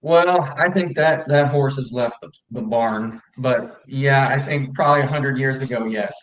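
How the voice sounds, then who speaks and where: A man's voice: medium pitch, a little slow, lo-fi sound. A man speaking as a guest on a talk show, hesitant and agreeable. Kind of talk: casual talk.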